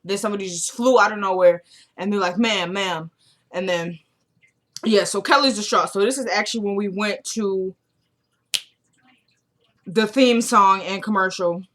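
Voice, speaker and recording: A woman's voice: mid-range voice, normal speed, long pauses, a bit bright. Young woman, casual recap vlogger, chatty, quotes characters as she retells scenes.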